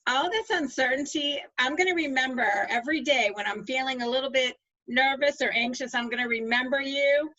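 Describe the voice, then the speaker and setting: A woman's voice: high voice, a little fast, pushed and bright, dull audio. A woman hosting an interview, reacting with enthusiastic praise. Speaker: host. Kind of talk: interview talk show.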